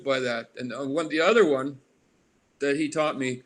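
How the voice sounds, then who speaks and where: A man in his sixties from Alaska talks at a middle pitch in a loose, meandering interview manner. He wanders off on tangents and restarts his sentences as he goes. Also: moderate pace. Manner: rambling, drifts into tangents. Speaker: artist interviewee. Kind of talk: casual interview.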